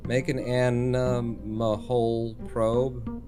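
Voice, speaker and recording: A man's voice: medium pitch, expressive, normal speed, over music. Rambling, cursing male game streamer. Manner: rambling, swears casually, thinks aloud, reads chat. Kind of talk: live-streamed gameplay chat.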